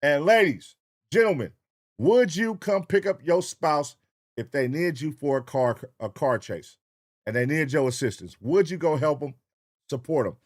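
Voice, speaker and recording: High-voiced man hosting a late-night livestream. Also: animated, moderate pace, no room sound, studio quality. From US West Coast. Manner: loose, profane, hypes up and shouts out chat viewers, sing-song. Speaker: livestream reaction host.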